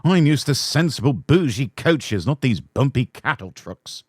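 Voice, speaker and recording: A man's voice: medium pitch, sing-song, measured pace, husky, no room sound, clean studio sound, pitched above the performer's own voice. A man voicing Sir Handel, a proud, grumbling male narrow-gauge steam engine who snorts and sulks. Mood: straining, whiny. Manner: sulky, snorting, complaining.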